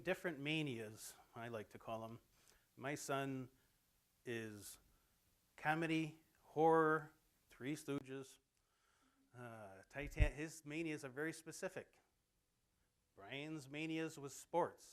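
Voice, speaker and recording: A man's voice: a little high, takes it slowly, pauses often. Plainspoken middle-aged man giving a talk. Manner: plainspoken, anecdotal, conversational. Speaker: presenter at a campus talk. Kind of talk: informal lecture to students. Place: college theatre, in front of an audience.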